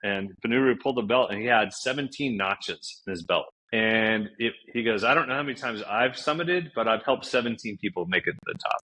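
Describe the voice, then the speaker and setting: Man, podcast guest, animated storyteller, lowish voice, forceful tone. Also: a little fast, few pauses. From United States. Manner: animated storyteller, acts out quoted dialogue with big pitch jumps. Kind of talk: casual storytelling interview.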